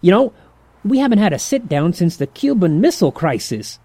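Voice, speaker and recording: A man's voice: high-pitched, sing-song, brisk, dark tone, dry recording, exaggerated voice. An actor playing a jovial, sleazy male demon who talks in slangy, chuckling banter in an audio drama. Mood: breezy.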